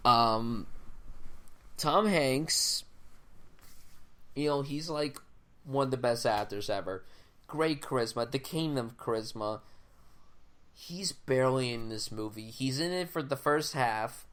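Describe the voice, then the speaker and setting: A man's voice: mid-range voice, slow, long pauses, fairly bright tone. A young man co-hosting a film podcast, giving blunt, casual reviews, swearing often and restarting his sentences. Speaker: podcast co-host. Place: home, audio only.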